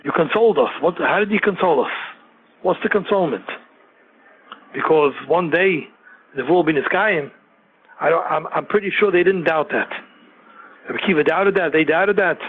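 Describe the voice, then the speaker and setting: A man's voice: on the high side, moderate pace, pauses often, husky, no echo. A man giving a Torah sermon, repeating phrases and firing off rhetorical questions. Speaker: Torah teacher. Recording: narrow phone-like radio sound.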